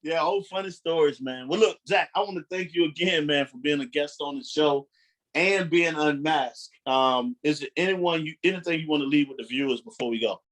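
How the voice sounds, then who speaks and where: A man hosting a casual interview show, speaking in a relaxed, easygoing way and signing off in a friendly tone. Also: on the high side, normal speed. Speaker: show host, basketball coach.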